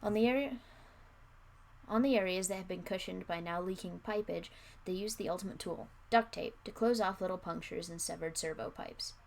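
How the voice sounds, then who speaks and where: A woman's voice: on the low side, moderate pace, vocal fry. A young adult woman reading her own old story aloud, breaking off for wry, self-mocking comments. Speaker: streamer. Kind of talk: reading aloud with casual asides.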